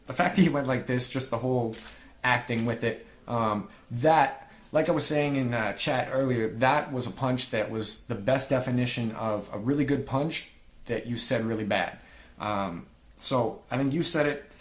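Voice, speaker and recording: A man's voice: medium pitch, normal speed, reverberant. A man casually reviewing rap battle verses, laid-back and profane, sometimes stumbling as he reads lines aloud.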